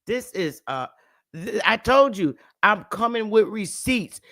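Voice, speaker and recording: A woman chatting to her livestream audience in a loose, profane, casual way, breaking into laughter often. She talks slowly, in a bright, forward voice. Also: medium pitch, animated. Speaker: livestream host.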